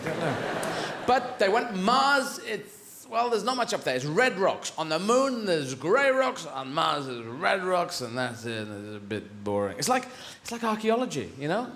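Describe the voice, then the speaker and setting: A man's voice: a little high, very animated, normal speed, fairly bright tone. Guy doing stand-up, rambly and self-correcting, bouncy voice, echoey theatre, crowd laughing. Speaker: stand-up comedian. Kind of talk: stand-up comedy routine. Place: large theatre stage.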